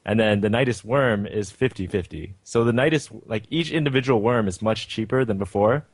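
A man calmly explaining strategy game numbers, thinking aloud as he goes. His voice is fairly low and recorded dry. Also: fairly quick, no room sound. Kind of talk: casual gaming chat.

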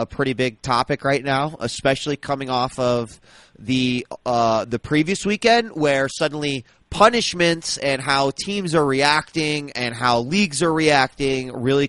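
A man's voice: medium pitch, fairly bright tone, clean tone, no echo. A man hosting a casual esports podcast, talking loosely with lots of fillers and restarts. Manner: hesitant, many fillers and restarts. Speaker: podcast host.

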